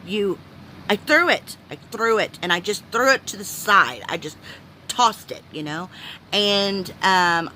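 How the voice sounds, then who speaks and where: A woman's voice: mid-range voice, unhurried, bright, forceful tone, a little hiss or hum. A woman telling a story in a rambling, chatty way, full of "you know" fillers, sounding weary and exasperated. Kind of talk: casual story time.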